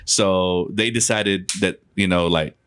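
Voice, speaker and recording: A man with a fairly low voice tells a ghost story as a podcast guest. He keeps it loose and conversational, with casual swearing and laughs slipped between his lines. He is from West Texas. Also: steady tone, slow, fairly bright tone, clean tone.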